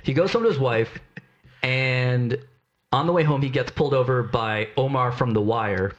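A man's voice: medium pitch, normal speed, dull audio. A man co-hosting a casual podcast chat, recapping a story with many fillers. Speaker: podcast co-host.

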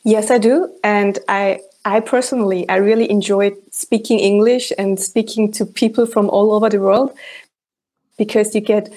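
A woman with a German accent speaks English as a guest therapist, measured and thoughtful. Her pitch sits in the middle of the usual range. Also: steady tone, a little mellow. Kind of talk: interview conversation.

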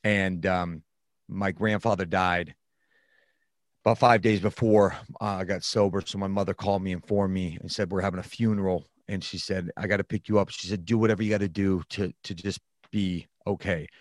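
A man's voice: sits low, steady tone, normal speed, dry recording, studio quality. A man frankly recounting a personal story in conversation. He talks reflectively and often restarts his sentences.

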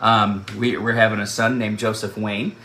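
A man telling an animated personal story and laughing often as he goes. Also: fairly low pitch, moderate pace. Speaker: speaker sharing a personal testimony. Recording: echoey room with faint background noise.

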